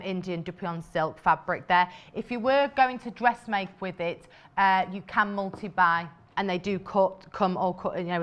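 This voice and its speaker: A British woman hosts a live shopping channel show about fabrics. She chats enthusiastically and fills her talk with asides and fillers. Her voice sits at an ordinary middle pitch. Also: fairly bright tone, clear, resonant tone. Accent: British English. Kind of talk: live sales presentation.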